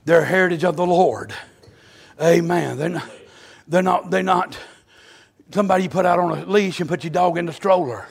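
A man preaching a fervent revival sermon in a church, moving between quiet storytelling and loud shouted exclamations. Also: high-pitched, normal speed, creaky, slightly rough. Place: church sanctuary.

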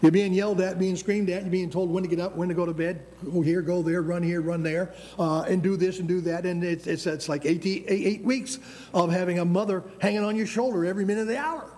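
Older man preaching, light mellow voice. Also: high voice, steady tone, a little fast. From United States. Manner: emphatic preaching with many restarts, calls of "Amen?". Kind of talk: sermon.

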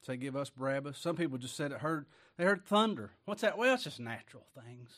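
A lively-intoned, mid-range male voice carries this sermon. He takes his time with scripture, reading it with weight, and bounces between emphatic loud passages and murmured asides while chuckling often.

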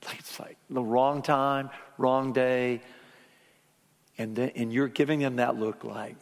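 A male pastor preaching a sermon, swinging from lively emphasis down to soft, hushed tones. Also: medium pitch, slow, gravelly, in a large hall.

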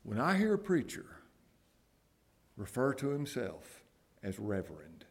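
A man preaching a sermon, dropping to hushed whispers and rising to raised exclamations. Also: mid-range voice, wildly swooping pitch, measured pace, husky.

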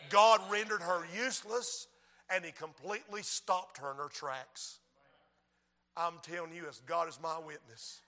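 A male pastor preaching a sermon in a church, moving between quiet lines and shouted appeals. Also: high-pitched. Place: church sanctuary.

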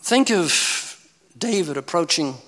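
A man's voice: fairly high pitch, animated, slow, a bit bright, big-room sound. A man preaching an emphatic, pleading evangelistic sermon.

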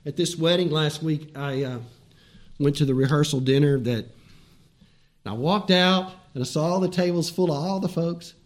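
A male pastor giving a conversational sermon, asking rhetorical questions and slowing down for emphasis. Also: on the high side, darkish tone.

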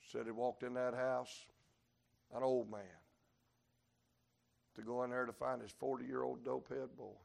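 A male preacher delivering a revival sermon, storytelling in a folksy way and breaking into sudden shouts. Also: medium pitch, level tone, measured pace, vocal fry, pauses often. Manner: preaching with sudden shouted peaks and Southern folk sayings.

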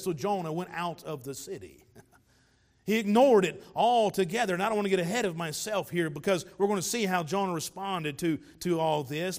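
A man, a pastor preaching a sermon in an earnest way with light asides. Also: sits high.

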